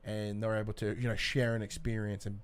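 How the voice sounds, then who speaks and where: A man's voice: lowish voice, level tone, fast talker, smooth. A young man co-hosting a podcast, talking casually about movies, swearing freely and tripping over his words. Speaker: podcast co-host.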